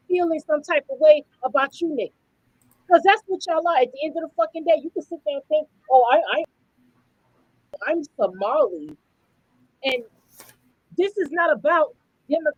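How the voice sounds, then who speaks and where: A woman's voice: high-pitched, dry recording, highs cut off. A woman podcast co-host, giving blunt, profane, fired-up commentary. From United States. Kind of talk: heated commentary.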